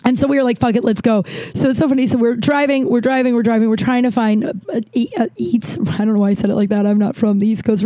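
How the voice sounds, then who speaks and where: A woman's voice: on the high side, mellow, dry recording. A woman hosting a podcast, telling a rambling story in a casual chat with lots of restarts and fillers. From Los Angeles. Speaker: podcast host.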